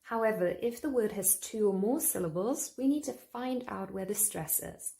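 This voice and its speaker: A woman teaching English pronunciation in a clear, emphatic way, repeating example words in a scripted lesson. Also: mid-range voice, moderate pace, mellow.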